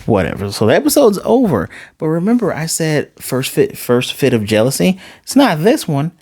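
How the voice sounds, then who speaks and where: Animated male anime reviewer, dry sound. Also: a little high, normal speed, no echo. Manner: animated, jumps into quoted character voices. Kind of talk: casual episode recap.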